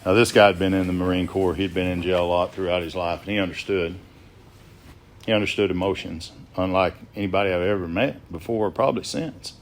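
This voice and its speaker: A man sharing his recovery story at a sobriety gathering, plainspoken, often quoting others in lively asides. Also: sits low, brisk, a little hiss or hum. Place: gathering at a biker rally.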